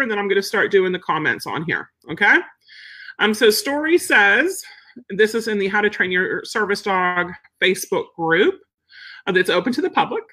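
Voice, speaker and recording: Her voice is mid-range, bright and forceful. She's a dog trainer running a relaxed live lesson where she takes questions from viewers, talking in a chatty, straightforward way and performing the quotes she mentions.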